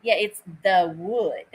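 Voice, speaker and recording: A woman's voice: mid-range voice, a little slow, fairly bright tone, poor audio. A woman hosting a live online vintage sale. She chats casually, greets viewers by name while she takes bids, and drops easy asides. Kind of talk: live-stream auction chat.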